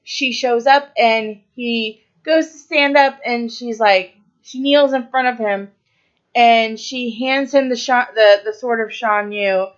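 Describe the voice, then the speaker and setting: A woman's voice: a little high, slow pace, clear, resonant tone, highs cut off. A woman co-hosting a podcast, casually retelling a movie's plot with lots of fillers and quoted lines. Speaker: podcast co-host.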